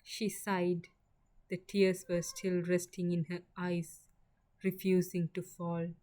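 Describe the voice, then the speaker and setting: A woman reading a sad first-person story aloud in a measured, soft narrating style. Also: lowish voice, level tone.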